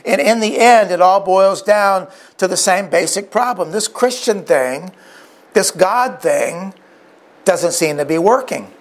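Higher-voiced male preacher retelling a story. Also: lively intonation, a little slow. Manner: vivid retelling with many restarts and asides. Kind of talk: sermon storytelling.

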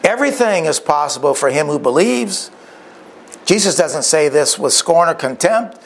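A man's voice: on the high side, expressive, moderate pace. A man preaching a sermon, retelling a story vividly with frequent restarts and asides.

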